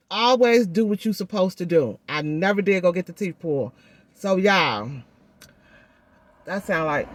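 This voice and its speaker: A woman's voice: on the low side, no echo. Woman vlogger, chatty and familiar, muffled speech from a swollen jaw and gauze, dry close sound. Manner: chatty, addresses viewers often with "y'all" and "baby". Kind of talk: casual vlog chat.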